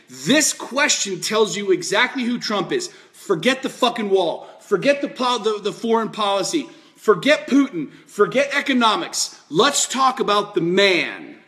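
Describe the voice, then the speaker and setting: A man's voice: sits high, a bit bright. A man giving a fired-up political monologue, emphatic and repetitive, with lots of swearing. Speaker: political commentator.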